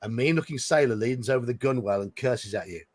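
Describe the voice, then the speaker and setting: A man's voice: mid-range voice, fast. A man hosting a live playthrough, reading a gamebook aloud with casual asides and chuckles.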